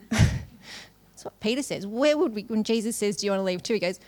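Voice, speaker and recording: A woman's voice: medium pitch, fairly even intonation, normal speed, a little mellow. A middle-aged woman giving a sermon in a casual, conversational way, often laughing between phrases. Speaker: conference speaker.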